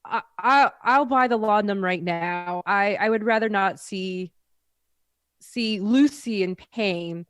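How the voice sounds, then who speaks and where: Woman, tabletop player, slow, stammering, dry close recording. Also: mid-range voice, a bit bright, clear, resonant tone, no echo. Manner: hesitant, stammering. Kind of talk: tabletop role-play chat.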